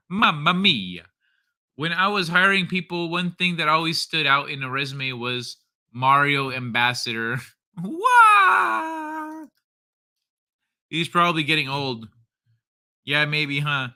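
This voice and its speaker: A man's voice: fairly high pitch, fairly even intonation, moderate pace, pushed and bright, clear, resonant tone. A young man hosting a casual late-night stream, joking around with loose slang and frequent laughter. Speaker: host.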